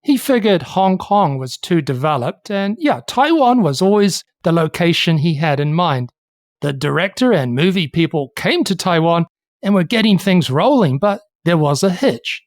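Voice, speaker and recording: A podcast co-host explaining history in a steady, storytelling way. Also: mid-range voice, normal speed, no room sound. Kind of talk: casual history podcast chat.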